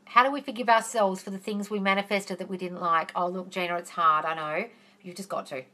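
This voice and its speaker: Brisk and forceful, this woman's voice is mid-range, bright, and steady in tone. As a manifesting coach running a live question-and-answer stream, she reassures viewers in a chatty manner and addresses them as darling.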